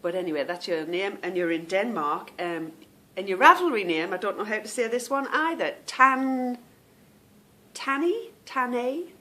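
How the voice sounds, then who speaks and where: A woman's voice: on the low side, expressive, fairly quick, few pauses, fairly bright tone. A woman hosting a knitting podcast, chatting casually to viewers, rambling off on tangents and stumbling over unfamiliar names.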